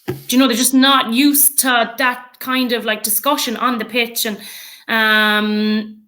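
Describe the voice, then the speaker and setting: A woman with an Irish accent, chatting as a podcast guest in an animated way, with many fillers and frequent laughs. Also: a little high, a little slow. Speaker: podcast guest, rugby player and coach. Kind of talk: casual chat.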